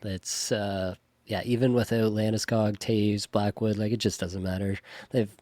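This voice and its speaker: A man hosting a fantasy hockey podcast, relaxed and easygoing, with a lowish voice. He is recorded dry and close, with no room sound. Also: a little slow, no room sound. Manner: easygoing, chuckling storyteller. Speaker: host. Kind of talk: casual podcast chat.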